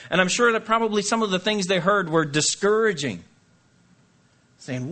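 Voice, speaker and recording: Animated man preaching a sermon. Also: high-pitched, brisk. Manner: animated, jokey, acts out voices. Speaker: pastor.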